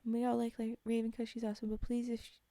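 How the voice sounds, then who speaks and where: Mellow-voiced woman reading a story. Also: on the high side, completely flat delivery, fast, no echo. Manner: reads aloud, breaks off to chat with viewers, sometimes whispers. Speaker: streamer reading stories. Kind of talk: casual read-aloud storytelling.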